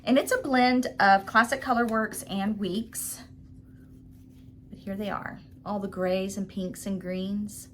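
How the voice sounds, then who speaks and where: A woman's voice: mid-range voice, fairly even intonation, slow pace, fairly bright tone, a little hiss or hum. A woman hosting her own craft vlog, chatting casually and gushing as she shows her work, with frequent ums. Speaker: vlog host. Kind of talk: casual show-and-tell chat.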